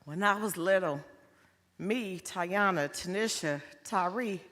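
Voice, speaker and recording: A woman with a weak, quiet voice speaking haltingly at a funeral in a funeral home chapel. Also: lowish voice. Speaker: family member giving a tribute. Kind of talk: funeral tribute. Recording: long hall reverb.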